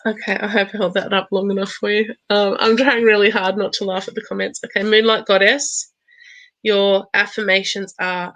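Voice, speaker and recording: A woman in her thirties chats with her viewers during a live oracle card reading. Her voice is bright and forward, bubbly and quick to laugh. She turns gentle and coaching when she guides listeners through affirmations. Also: mid-range voice, level tone, low-quality recording. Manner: bubbly, chatty, laughs often. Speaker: oracle card reader hosting a live stream. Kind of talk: live-stream chat with viewers.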